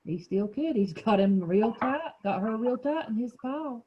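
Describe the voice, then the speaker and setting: A woman's voice: fairly high pitch, animated, moderate pace, dull audio, crowd noise. A woman teacher leading a small reading group over a video call, asking questions and explaining words patiently.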